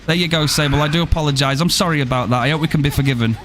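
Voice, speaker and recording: A man's voice: fairly high pitch, very fast, fairly bright tone, soft background music. A young man streaming a game, joking around and swearing casually as he plays. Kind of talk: live gameplay commentary.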